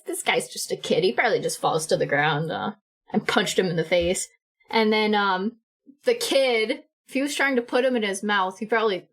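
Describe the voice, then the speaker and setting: A woman playing a tabletop role-playing game, talking casually with frequent laughs and fillers. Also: medium pitch. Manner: giggly, hesitant, many fillers. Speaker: player. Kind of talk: tabletop role-play chat.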